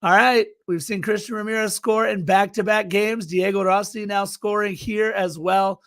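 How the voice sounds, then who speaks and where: Excitable high-voiced man co-hosting a podcast. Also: moderate pace. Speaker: podcast co-host. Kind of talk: casual podcast chat.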